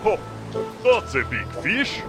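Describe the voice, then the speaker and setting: A man voicing a huge, jovial, muscular fisherman giant in a comedy audio drama, speaking in a booming, formal, stilted way. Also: very animated, slow, heavily acted. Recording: music in the background.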